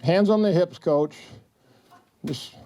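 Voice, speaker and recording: In an event hall, a middle-aged man gives a retirement-party speech full of jokes and anecdotes, acting out others' words. His high-set voice is expressive, slow, and mellow, with a little hiss or hum in the recording.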